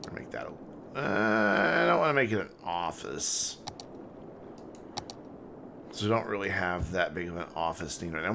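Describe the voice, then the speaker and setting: A man's voice: low voice, lively intonation, normal speed, gravelly, long pauses, noisy background. A man streaming a city-building game, joking and rambling as he thinks aloud. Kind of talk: casual gameplay commentary.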